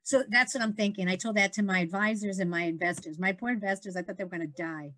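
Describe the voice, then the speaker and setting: A middle-aged woman telling stories in casual conversation, animated and laughing often, acting out the people she quotes. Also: mid-range voice, quick pace, dry recording. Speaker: guest entrepreneur.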